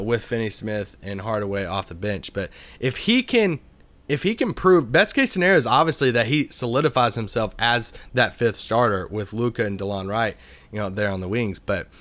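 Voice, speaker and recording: A man co-hosting a sports podcast, talking earnestly and thinking out loud. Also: on the low side. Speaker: podcast co-host. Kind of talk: casual sports podcast chat.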